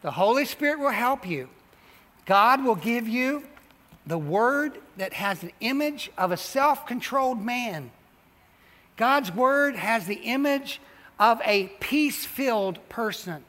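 High bright-voiced male pastor preaching. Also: takes it slowly. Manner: animated preaching, repeats and stresses phrases. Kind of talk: sermon. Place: church sanctuary. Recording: long hall reverb.

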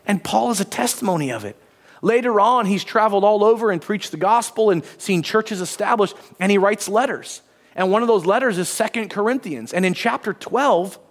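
A man's voice: high-pitched, lively intonation, moderate pace. A male pastor giving a conversational sermon in a church, reading passages aloud and briefly acting out quotes. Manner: conversational, acts out short quotes, many restarts.

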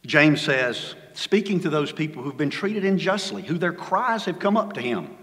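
A man's voice: sing-song, moderate pace. Man preaching in a reverberant hall. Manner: dynamic preaching, swings from loud emphasis to hushed low lines. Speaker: pastor. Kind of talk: sermon. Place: church sanctuary.

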